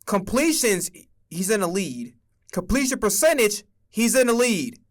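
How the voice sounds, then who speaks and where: Young male streamer, high-pitched and emphatic, profane casual football rant. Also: big pitch swings, measured pace.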